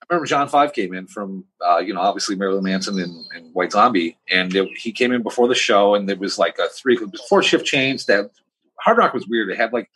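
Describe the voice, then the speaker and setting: A man's voice: on the low side, lively intonation, a little fast, fairly bright tone, husky, low-quality recording. A man on a podcast, rambling through bar anecdotes with bursts of quoted voices. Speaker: podcast co-host. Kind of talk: casual chat.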